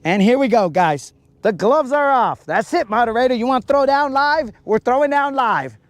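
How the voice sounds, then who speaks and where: A man's voice: very high-pitched, lively intonation, moderate pace, dry recording. A man chatting casually on a live stream while fishing outdoors on a lake, ranting in a playful, mock-serious way and stretching out his words.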